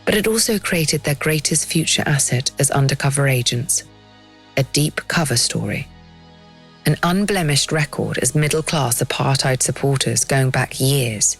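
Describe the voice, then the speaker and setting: A woman giving scripted documentary narration in a measured, dramatic storytelling manner. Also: extremely low pitch, expressive, slightly rough, soft background music.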